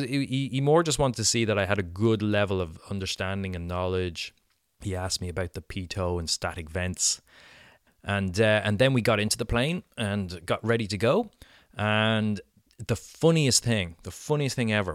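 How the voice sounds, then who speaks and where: A middle-aged Irish man tells a story on his podcast in a loose, chatty monologue, leaning on "you know" and small restarts. His voice sits very low and comes across smooth and resonant. The sound is dry and close, with no room echo. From Ireland. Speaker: podcast host.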